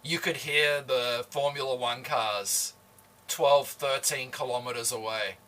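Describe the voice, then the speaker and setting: A man from Adelaide with a slight Australian accent, chatting casually with his livestream viewers while he cooks. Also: mid-range voice. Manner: slow, relaxed, chatty, greeting viewers. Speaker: livestream host. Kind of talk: casual chat while cooking. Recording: voice somewhat far from the mic.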